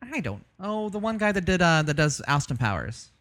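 A man's voice: a little high, very animated, a little fast, fairly bright tone. Rambling joking male co-host. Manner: joking, crude, rambling with many ums. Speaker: co-host of a live show. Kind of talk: casual banter.

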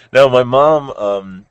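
A man's voice: medium pitch, dry recording, dull audio. A young man chatting casually as co-host, rambling, laughing and swearing now and then. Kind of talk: casual chat.

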